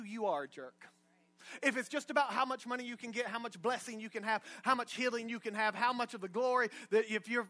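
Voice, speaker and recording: High, bright-voiced man preaching a sermon. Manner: energetic preaching with humor, rising to shouts. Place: church sanctuary.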